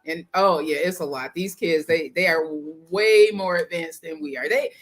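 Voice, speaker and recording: Chatty co-host who laughs along. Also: medium pitch. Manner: warm, quick to laugh and agree. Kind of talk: casual chat.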